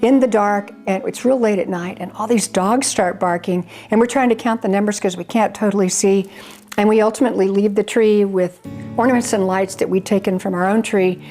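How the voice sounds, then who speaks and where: A woman's voice: mid-range voice, steady tone, brisk, a little mellow, soft background music. An older woman, a charity founder, telling her story in an earnest, rambling way with frequent restarts. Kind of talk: personal storytelling interview.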